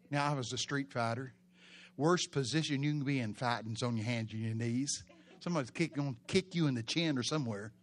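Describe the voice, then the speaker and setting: A pastor preaching a sermon in a church, telling stories with animated, loud bursts. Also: male voice, mid-range voice.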